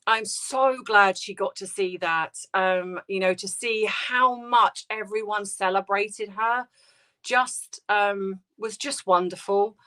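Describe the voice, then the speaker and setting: A British woman hosting a casual livestream, talking softly and hesitantly with many ums and restarts as she answers viewer comments. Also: medium pitch, takes it slowly, clean tone. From United Kingdom. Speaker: livestream host.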